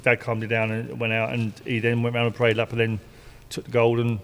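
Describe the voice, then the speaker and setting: A man's voice: medium pitch, monotone, a little fast, fairly bright tone, slight background noise. A middle-aged man, a former racing driver, telling rambling, repetitive stories in casual conversation and swearing freely. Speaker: guest, retired racing driver. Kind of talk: casual anecdotal storytelling. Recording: reverberant room.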